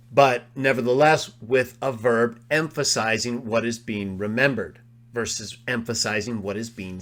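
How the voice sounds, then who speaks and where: A man presenting a live study of biblical grammar, walking through his notes and slowly repeating quoted phrases for emphasis. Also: medium pitch, a bit bright. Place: live online discussion.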